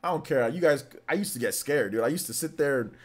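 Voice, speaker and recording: A man hosting a casual live stream, telling stories with animated energy and breaking into shouts when excited. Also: medium pitch, fast talker. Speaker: livestream host.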